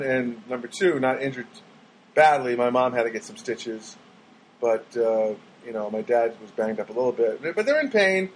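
A man's voice: medium pitch, low-quality recording. A man vlogging in a casual, rambling monologue that keeps swinging into exasperated rants.

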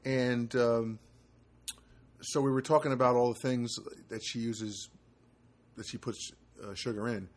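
A man's voice: medium pitch, steady tone, unhurried, long pauses. Rambling man hosting a homemade podcast. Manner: rambling storyteller with many fillers and self-corrections. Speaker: podcast host. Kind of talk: casual solo podcast chat. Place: home studio apartment. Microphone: homemade podcast setup.

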